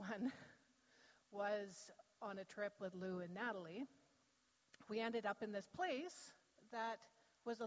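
A woman sharing a personal testimony in church, telling her story in an animated way and laughing easily. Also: mid-range voice. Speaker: church member giving testimony. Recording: dull sound with long hall reverb.

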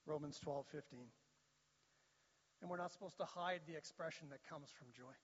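A man's voice: a little high, normal speed, breathy edge. A man preaching a sermon as pastor, in a plain conversational way. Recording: dull sound with long hall reverb.

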